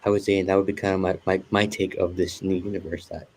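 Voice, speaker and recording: A man's voice: deep voice, level tone, quick pace. A man talking casually as a guest, rambling with lots of fillers and restarts. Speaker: guest reviewing a show. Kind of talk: casual conversation.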